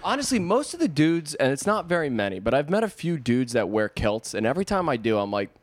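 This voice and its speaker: A man's voice: mid-range voice, sing-song, fast talker, no echo. A man joking in casual podcast chat, saying "dude" often. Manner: joking, says "dude" a lot.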